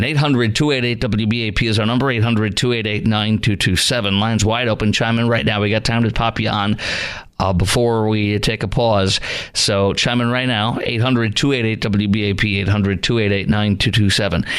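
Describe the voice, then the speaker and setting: A male talk-radio host rattles through an opinionated monologue. He rambles, trips on fillers, then surges forward in quick runs. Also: fairly low pitch, fairly even intonation, a bit bright. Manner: rambling, rapid, with many fillers.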